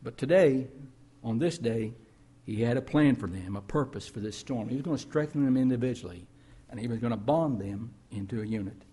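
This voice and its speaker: A man's voice: mid-range voice, fairly quick, warm tone, breathy edge. A man preaching a sermon as a pastor, telling stories conversationally with emphatic rises.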